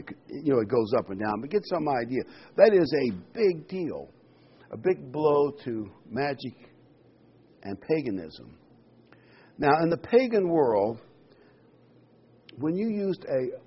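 A man preaching a sermon, his voice rising and falling with lively emphasis as he reads scripture and adds side comments. His tone is slightly husky, and the recording is dull and lo-fi. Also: medium pitch. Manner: animated, explanatory asides. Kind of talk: sermon with Bible reading. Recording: dull lo-fi sound.

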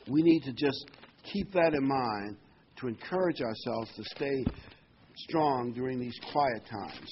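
A man's voice: mid-range voice, a little hiss or hum. A male preacher delivering a sermon, reading scripture aloud and stressing key phrases by repeating them. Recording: muffled lo-fi recording.

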